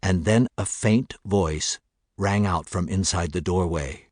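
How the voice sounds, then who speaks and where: Low, measured male audiobook narrator. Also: slightly rough, dry recording, studio quality.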